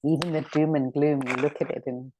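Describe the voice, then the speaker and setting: A woman's voice: sits low, fairly even intonation, fairly quick, noisy background. A woman teaching a scripture discussion class, reflective and returning again and again to key words. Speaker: spiritual teacher.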